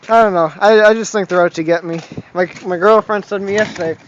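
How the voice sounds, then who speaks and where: Young man rambling, high-pitched and cussing. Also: brisk, hardly any pauses. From Massachusetts. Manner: rambling, swears a lot, chuckles at his own story. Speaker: vlogger. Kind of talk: casual rambling vlog. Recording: dull lo-fi home video audio with faint noise.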